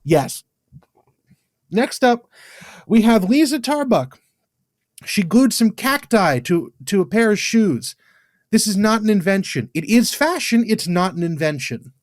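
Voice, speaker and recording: English guy on a podcast, blunt, swears a lot, slightly high voice, dry sound. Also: big pitch swings, no echo. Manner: blunt, swears freely, quick to dismiss. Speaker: podcast co-host. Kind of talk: casual chat.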